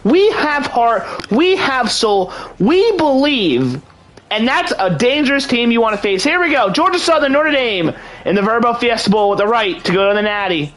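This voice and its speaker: A young man giving excited play-by-play commentary over a video game in a hyped, mock sports-announcer manner. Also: very high voice, low-quality recording. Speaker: gaming channel host.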